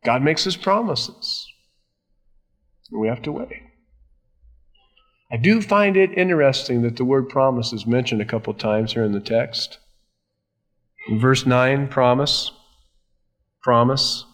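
A man's voice: medium pitch, fairly bright tone. Emphatic male preacher. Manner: emphatic, slows down to stress key words. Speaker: pastor. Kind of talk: sermon.

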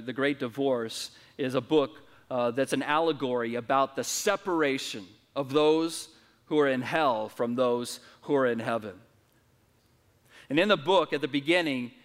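A male pastor preaching to a church congregation, storytelling in an earnest way with restarts and his pitch in a middle range. The sound is soaked in long church-hall reverb. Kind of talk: sermon. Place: church service.

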